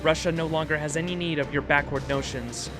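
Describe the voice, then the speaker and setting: A man voicing a sly, scheming woman, reading her game lines in a taunting, smooth way. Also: a little high, steady tone, fairly quick, lightly acted. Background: background music.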